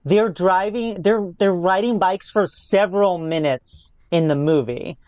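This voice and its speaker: A podcast co-host chatting casually about a movie, wry and quick to laugh. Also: medium pitch, darkish tone, clean tone, no room sound, lo-fi sound. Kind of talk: casual movie recap chat.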